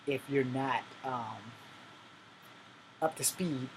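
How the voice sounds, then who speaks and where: A man's voice: mid-range voice, slow pace, noisy background. Profane rambling man in his forties. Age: 40s. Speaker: vlogger. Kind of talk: ranting monologue to camera. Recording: air conditioner humming behind.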